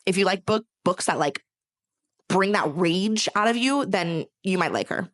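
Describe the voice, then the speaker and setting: A woman's voice: medium pitch, animated, a little slow, no room sound, studio quality. A young woman from California chatting casually about books she read, rambling with lots of filler words and dramatic gushing and ranting. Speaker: book reviewer. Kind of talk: casual chat.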